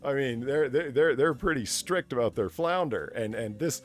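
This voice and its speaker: A man's voice: medium pitch, expressive, normal speed. A man co-hosting a comedy podcast, reading odd local news in a mock-formal way, stumbling over words and laughing. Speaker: podcast co-host.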